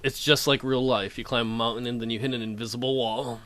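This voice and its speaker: A man co-hosting a casual gaming podcast, animated, acting out his own thoughts in goofy voices. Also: mid-range voice, quick pace. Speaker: podcast co-host. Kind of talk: casual chat.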